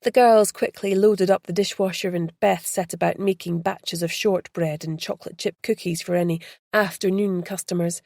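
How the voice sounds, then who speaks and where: A woman reading a story aloud as audiobook narrator, in a measured storytelling manner. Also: on the low side, fairly even intonation, vocal fry, a little mellow, dry recording, clean studio sound. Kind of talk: scripted narration.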